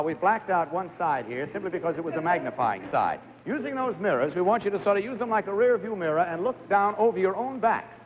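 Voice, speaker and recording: A man's voice: sits high, a little hiss or hum. A man hosting a live TV game show, chatty and jokey as he coaxes contestants through stunts. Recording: muffled 1950s TV broadcast audio.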